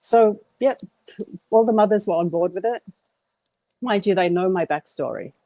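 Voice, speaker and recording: A woman's voice: medium pitch, normal speed, mellow, dry recording. A middle-aged woman, sharing her personal faith testimony in an earnest, candid way.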